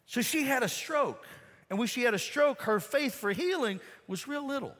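Give me a high, bright-voiced preacher in a reverberant church hall. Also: male voice, expressive, moderate pace. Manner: folksy storytelling, talks to the congregation. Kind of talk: sermon. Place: church sanctuary.

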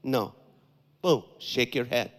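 A man's voice: mid-range voice, animated, slow, big-room sound. A man, a comedian giving a guest sermon, talking animatedly, acting out people's thoughts and repeating phrases for emphasis. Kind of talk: sermon with comic asides.

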